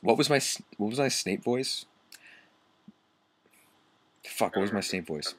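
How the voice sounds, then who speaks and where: A man's voice: low voice, unhurried, long pauses, no room sound. A young man doing a comic reading of a bad story, mocking and swearing at the text. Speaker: reader.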